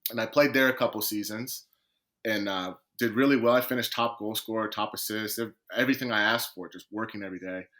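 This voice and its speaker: Male podcast guest with a bright, forceful voice, animated storyteller who acts out what people said. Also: fairly low pitch, brisk. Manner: lively storyteller, acts out quoted conversations. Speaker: guest, professional footballer.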